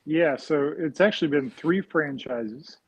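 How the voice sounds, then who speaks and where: A man's voice: on the high side, measured pace, slightly rough, no room sound, poor audio. A man talking casually as an interview guest, rambling and often adding "right?" after his points. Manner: rambling, frequent "right?" tags and fillers. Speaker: guest real estate investor.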